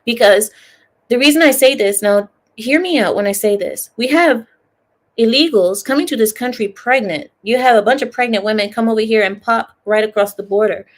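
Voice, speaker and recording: A woman's voice: a little high, moderate pace. A woman, ranting in a casual livestream and chatting to her viewers over a laptop mic. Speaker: livestream host.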